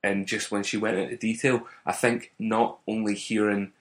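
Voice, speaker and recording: A man's voice: lowish voice, level tone, moderate pace. A man co-hosting a casual podcast chat, telling anecdotes with frequent laughter and swearing. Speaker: podcast co-host.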